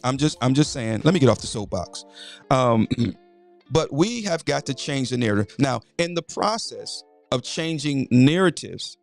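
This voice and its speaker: A man's voice: medium pitch, creaky, darkish tone. A middle-aged man hosting a morning inspiration livestream, preacherly and casual, greeting viewers by name and repeating his phrases.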